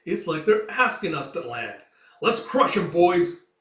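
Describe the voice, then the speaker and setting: A man's voice: on the high side, very animated, normal speed, fairly bright tone. A man voicing a cocky male mercenary leader with a smug, amused drawl. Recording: roomy, distant mic.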